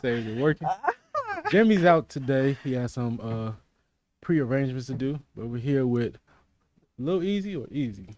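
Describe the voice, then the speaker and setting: A man hosting a podcast, asking his guest questions in a relaxed, slangy way. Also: medium pitch, normal speed, dry recording. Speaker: podcast host. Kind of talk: casual podcast chat.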